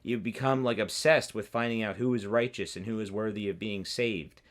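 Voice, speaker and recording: A man's voice: fairly low pitch, steady tone, normal speed. A young man, a university student, co-hosting a casual political podcast, talking in long rambling runs with many restarts. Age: young adult. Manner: rambling, many restarts and mocking quoted voices. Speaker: podcast co-host.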